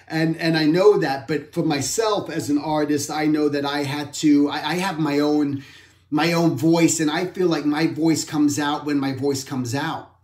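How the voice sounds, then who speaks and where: A man's voice: a little high, steady tone, unhurried, a little mellow. Reflective man in an echoey room. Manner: rambling, reflective, self-correcting. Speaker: artist hosting an art talk. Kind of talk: casual talk.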